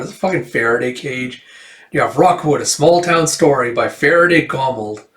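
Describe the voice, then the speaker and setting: A man's voice: mid-range voice, moderate pace, fairly bright tone, roomy sound. A man casually retelling a comic book, rambling loosely and packed with fillers. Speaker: comic book reader and reviewer. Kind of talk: casual comic read-through.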